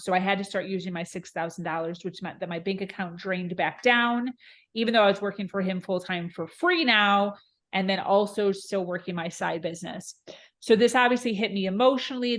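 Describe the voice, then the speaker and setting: A woman's voice: mid-range voice, a bit bright. Woman telling a candid personal story. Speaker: podcast guest.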